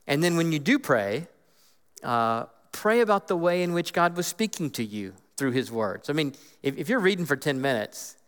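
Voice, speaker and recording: A man giving an earnest, animated teaching talk about Bible reading, acting out inner voices as he goes. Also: a little high, clear, resonant tone. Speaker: guest speaker on Scripture. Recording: long hall reverb.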